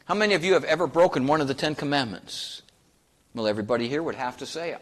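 A man's voice: medium pitch, animated, quick pace. A man preaching a sermon in a folksy, conversational way, asking the congregation questions and joking with them. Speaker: pastor.

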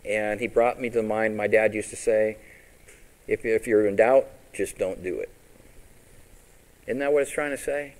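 A man's voice: fairly low pitch, fairly even intonation, normal speed, long pauses, rough recording. A man preaching a sermon as pastor, quoting scripture and asking his congregation questions, with big rises and drops for emphasis.

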